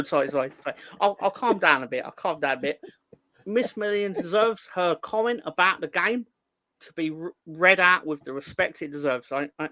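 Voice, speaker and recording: A man hosting a casual live chat, reading out viewer comments in a playful, rambling, excitable way. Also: on the high side, a little slow, long pauses, dry recording. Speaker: host.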